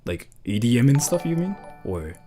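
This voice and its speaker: Fast-talking man with lively pitch. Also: soft background music. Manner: fast-talking, heavy on fillers like "like" and "uh"; laughs often while talking. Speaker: streamer answering donations. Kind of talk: casual livestream chat.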